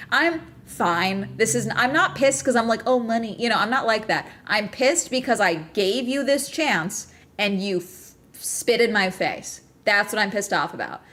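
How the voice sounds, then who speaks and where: A woman's voice: fairly high pitch, fairly bright tone. A woman streamer in casual livestream chat, still agitated and ranting with lots of swearing and bursts of laughter.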